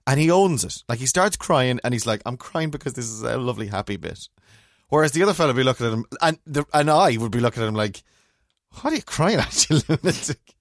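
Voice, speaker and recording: A man, co-hosting a casual chat and telling rambling, animated stories full of restarts. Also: mid-range voice, quick pace, no room sound, studio quality. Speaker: podcast co-host.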